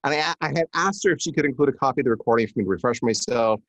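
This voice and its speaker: A man's voice: medium pitch, rapid-fire, no echo, muffled recording. A middle-aged man, a marketing executive guest on a live podcast, telling anecdotes and acting out the quotes in different voices. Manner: animated storyteller who acts out quotes. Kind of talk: conversational storytelling on a live podcast.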